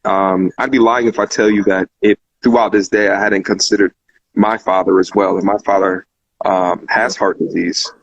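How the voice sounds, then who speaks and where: Earnest low-voiced man hosting a call-in show. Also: flat delivery, normal speed, creaky, husky. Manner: earnest, repeats phrases, many fillers. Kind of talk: casual heartfelt talk. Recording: muffled lo-fi recording.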